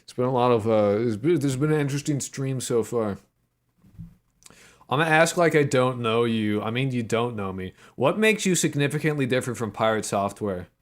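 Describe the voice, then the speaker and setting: A man's voice: mid-range voice, expressive, moderate pace. A man streaming his game development and chatting casually with his viewers, reading their messages aloud and answering with profane, joking banter. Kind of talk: casual livestream chat.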